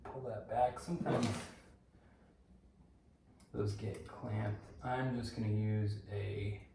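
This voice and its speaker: A man's voice: lowish voice, steady tone, takes it slowly, mellow. A man casually talking through a bike assembly, rambling to himself as he works and tossing in jokes. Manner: rambling, talks to himself while working, joking asides. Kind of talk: casual unboxing and assembly walkthrough. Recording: roomy, distant mic, clear background noise.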